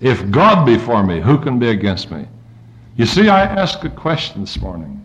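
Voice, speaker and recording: Man, preacher, sermon, middle pitch, swells and drops in pitch and loudness, muffled old recording. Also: sing-song, normal speed, faint music behind. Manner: preaches with wide swings of pitch and loudness, reading scripture in rising tones. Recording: dull lo-fi recording.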